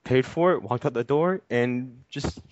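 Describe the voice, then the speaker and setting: A man telling a long story in casual chat, animated and full of swearing. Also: medium pitch, unhurried, slight background noise. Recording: dry, dull lo-fi audio.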